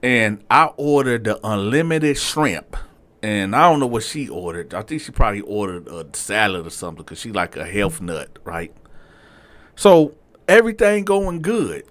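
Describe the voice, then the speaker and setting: A man telling a story to his viewers in a casual, animated and profane way, with frequent asides to the audience. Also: on the low side, moderate pace. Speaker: storyteller, channel host.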